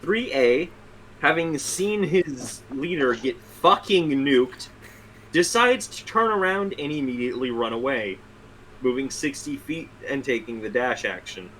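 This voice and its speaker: A man's voice: mid-range voice, lively intonation, unhurried, fairly bright tone, slight background noise, low-quality recording. A young man narrating as game master in a casual online tabletop session, swearing and laughing along.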